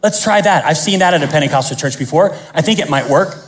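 A man preaching a sermon as pastor, animated and joking, acting out the scenes he tells. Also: fairly high pitch, fast.

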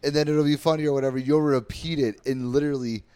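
A man in a relaxed podcast conversation who talks eagerly. He keeps prodding his friends and setting up little games. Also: on the high side, fast, clear, resonant tone, dry recording. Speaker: podcast co-host. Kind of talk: casual chat.

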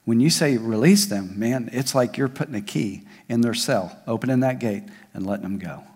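A man preaches from the pulpit of a large church. His voice sits at an ordinary middle pitch, rising for emphasis and dropping to soft, hushed asides. The sound carries a long, ringing hall reverb. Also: normal speed, slightly rough. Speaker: pastor. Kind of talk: sermon.

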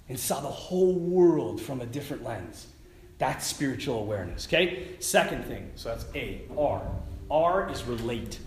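A man, a priest, giving an informal sermon at a prayer retreat, animated and laughing as he tells stories. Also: medium pitch, slight background noise. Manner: animated, laughing, conversational storyteller. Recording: echoey room.

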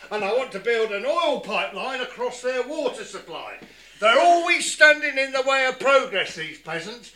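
A man's voice: very high voice, pushed and bright, reverberant, full character voice. A man playing a pompous, bad-tempered, greedy old king who bellows insults at his servant.

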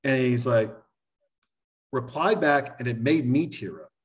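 A man from Texas tells anecdotes in a relaxed podcast chat. He is animated and swears casually as he talks. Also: medium pitch, unhurried, distant mic. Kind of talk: casual storytelling conversation.

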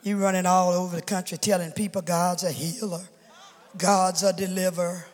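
Woman doing a scornful devil in a retold testimony, quiet and sneering, with a big room ringing behind it. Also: fairly low pitch, level tone, normal speed, in a large hall, lightly acted. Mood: taunting. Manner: mocking, taunting. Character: taunting devil, male, mocking voice in her mind.

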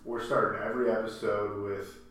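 A man's voice: lowish voice, little pitch movement, fairly quick, a bit bright, distant mic. Rambling man in an echoey room. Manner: rambling, self-correcting, laughs often. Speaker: podcast co-host. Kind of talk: casual sports chat. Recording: echoey room, off-mic, faint hum.

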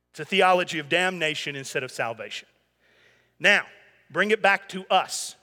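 A man's voice: fairly high pitch, lively intonation, normal speed, sharp tone. A man preaching a sermon as pastor in an earnest, conversational way. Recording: long hall reverb.

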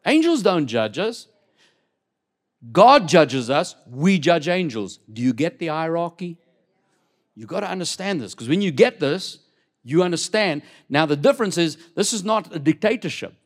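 A man preaches a lively sermon in a fairly high voice. He repeats words as he builds, pushes up to loud emphatic peaks, and keeps turning to the congregation with direct questions. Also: normal speed. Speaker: apostle preaching to a church.

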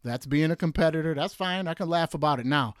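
A man from Detroit hosting a sports show, ranting with exasperated emphasis and jumping up high when he mocks. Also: quick pace, no room sound, clean studio sound. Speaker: podcast host. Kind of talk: animated sports rant.

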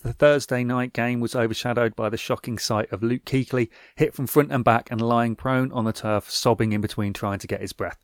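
A man's voice: mid-range voice, steady tone, a little fast, hardly any pauses, dry recording. A man hosting a podcast, reading a scripted football recap with wry, dry asides. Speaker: podcast host.

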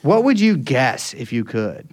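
A man's voice: medium pitch, unhurried. A man co-hosting a podcast, chatting casually with jokes and some swearing. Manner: animated, jokey, swears casually. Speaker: podcast co-host.

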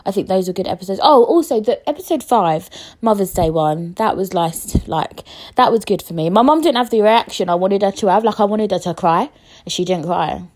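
A woman's voice: mid-range voice, darkish tone. A young woman, hosting her own podcast in casual, chatty talk, swearing and teasing herself as she goes. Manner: chatty, swearing, self-mocking, emotional. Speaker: podcast host. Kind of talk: casual solo podcast chat.

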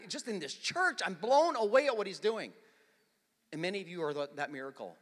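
A middle-aged man preaching in a big church, his high, bright voice trailing long reverb through the hall. He tells stories in a loose, conversational way, then builds up to strong, emphatic points. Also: animated, a little fast. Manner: conversational storytelling, swells to forceful emphasis. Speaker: pastor. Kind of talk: sermon. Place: large church.

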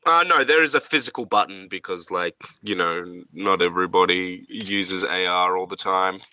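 A man's voice: deep voice, normal speed, pushed and bright, dry recording, rough recording. A man running a tabletop game as game master, describing scenes hesitantly with many fillers.

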